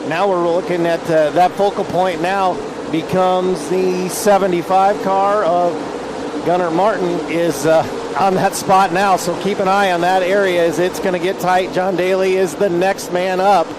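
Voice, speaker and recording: A man's voice: high-pitched, flat delivery, unhurried. A man giving conversational race commentary, pointing out the key battles with an easy analytic manner. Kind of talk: racing commentary. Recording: commentary with loud engine noise. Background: loud race car engines.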